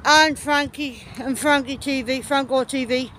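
A woman's voice: high voice, fairly even intonation, a little slow, a bit bright, slight background noise. An English woman filming a casual vlog on a walk in a park, chatting and teasing with her sister. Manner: chatty, teasing, laughs often. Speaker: vlogger filming. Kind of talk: casual chat. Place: park outdoors. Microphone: handheld phone camera.

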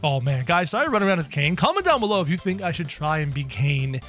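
A young man giving excited gameplay commentary, energetic and exclamatory, talking to his viewers. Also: a little high, quick pace, faint music behind. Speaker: gaming video creator.

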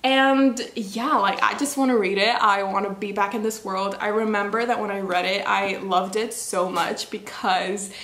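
Casting: young woman, book vlogger, bubbly rambling chat, mid-range pitch, roomy echo. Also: fairly even intonation, moderate pace, hardly any pauses, a bit bright. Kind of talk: casual chatty vlog. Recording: echoey room.

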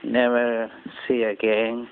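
A man from Japan, rambling through a personal story in halting English with many restarts. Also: mid-range voice, completely flat delivery. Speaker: channel host. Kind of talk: casual personal monologue. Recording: tinny phone-quality audio with faint noise.

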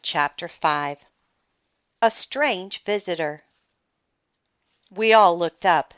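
A woman reading a children's book aloud in a playful, expressive way. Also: on the low side, slow, dull audio. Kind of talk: storybook read-aloud.

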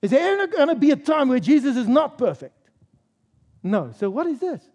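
A man with a high voice and a mellow, darker tone preaches a sermon at a church service. He drives his points home emphatically, quizzing the congregation and repeating key phrases. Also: big pitch swings, brisk. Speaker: pastor.

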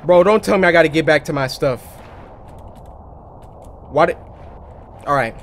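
Man swinging from hushed mutters to yelps. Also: very animated, moderate pace, pauses often, a little hiss or hum, low-quality recording. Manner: hushed low muttering that breaks into loud panicked yelling. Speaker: gaming YouTuber. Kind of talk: horror game let's play commentary.

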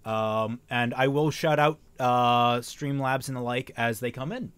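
A man's voice: mid-range voice, fairly even intonation, unhurried, a bit bright, clear, resonant tone, no room sound. A young man reading a novel aloud on a live stream, often stumbling, rereading phrases and breaking off to make joking comments.

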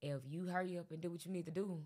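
A woman's voice: lowish voice, fast talker. A woman guest on a podcast, talking casually and rambling with lots of fillers. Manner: relaxed, rambling with many fillers. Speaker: guest rapper. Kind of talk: casual interview chat.

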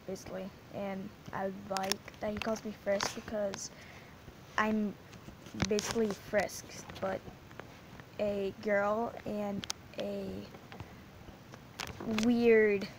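A woman's voice: mid-range voice, background noise. A female gaming channel host giving casual, rambling gaming commentary, giggling and restarting her sentences often.

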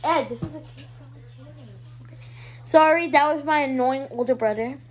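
A woman's voice: high-pitched, moderate pace, slight background noise, poor audio. A female vlogger showing her toy collection in a hyper, giggly, rambling way. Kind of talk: casual show-and-tell vlog.

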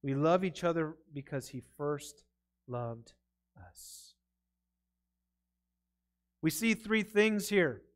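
High-voiced man preaching a sermon. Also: animated, unhurried, hardly any pauses. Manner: earnest, conversational preaching with restarts. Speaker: pastor. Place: church sanctuary.

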